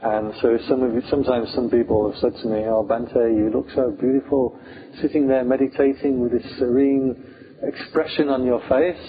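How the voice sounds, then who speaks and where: A man's voice: medium pitch, level tone, normal speed, slightly rough. A British man, a Buddhist monk, teaching meditation in an informal, humorous talk full of fillers. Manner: chatty, humorous, many fillers. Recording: tinny phone-like sound, faint hiss.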